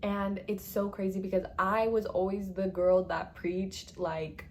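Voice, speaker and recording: A woman's voice: mid-range voice, little pitch movement, unhurried, hardly any pauses, slight background noise. A young woman telling a casual storytime to her viewers, chatty and dramatic, with lots of "like" and swearing.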